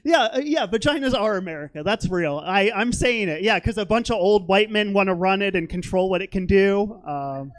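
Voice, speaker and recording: A man's voice: sits high, moderate pace, hardly any pauses. A young man doing a stand-up comedy set on a theater stage, rambling and self-deprecating, with lots of fillers.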